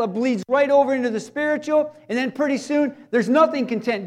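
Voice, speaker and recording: A man preaches with a strikingly high voice, chatting folksily with his congregation. He pushes some lines hard and loud, then drops to a hushed, quiet delivery, dropping jokes along the way. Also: fairly quick, hardly any pauses. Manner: swings between emphatic raised delivery and hushed, quiet passages; folksy, joking asides to the congregation. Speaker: pastor. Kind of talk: sermon.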